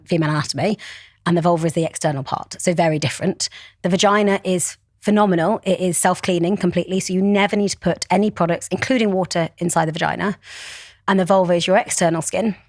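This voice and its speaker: A woman's voice: lowish voice, steady tone, fast talker, no echo, clean studio sound. A woman, a brand founder speaking passionately and articulately as a podcast guest. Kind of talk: podcast interview.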